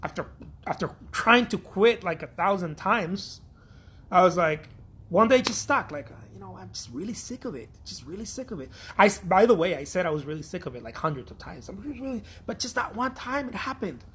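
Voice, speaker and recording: Husky high-voiced man. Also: lively intonation, a little fast, a bit bright. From Mexico. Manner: blunt, profane, repetitive pep talk. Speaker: artist. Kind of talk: casual motivational talk.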